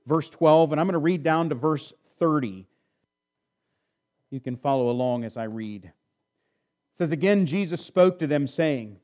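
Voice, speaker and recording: A man's voice: on the high side, darkish tone. A man preaching a sermon, retelling a scripture story and then reading the passage aloud with rising and falling emphasis. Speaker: pastor.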